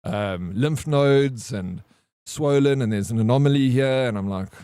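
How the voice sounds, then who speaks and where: A male streamer chats loosely with his viewers and tells a story in a slangy, profane, easygoing way. His voice sits in a middle pitch and sounds dry and close, with no room around it. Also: unhurried, mellow, smooth, dry recording. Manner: loose, slangy, swears, says "bro" often. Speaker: livestreamer. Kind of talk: casual storytelling while greeting chat.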